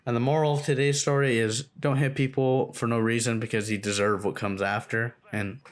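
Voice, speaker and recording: A man's voice: mid-range voice, little pitch movement, fairly quick. A young man telling a story from his school days in a casual, rambling, profane way, full of fillers like "like". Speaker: storytime vlogger.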